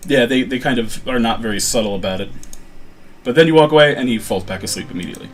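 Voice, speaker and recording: A man's voice: medium pitch, fast, soft background music. A man playing an old adventure game and casually chatting about it. He reads bits of text aloud and breaks in with joking asides and fillers. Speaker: let's-play host.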